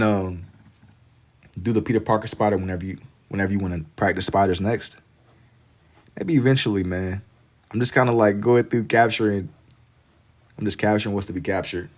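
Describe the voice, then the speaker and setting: A man with a Southern accent and a somewhat low voice, talking loosely while he draws. He rambles in an easygoing way and fills his sentences with "like" as he reads and answers chat. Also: moderate pace, pauses often. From Kentucky. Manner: laid-back, rambling, heavy on filler "like". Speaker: live-stream artist. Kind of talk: casual live-stream chat while drawing.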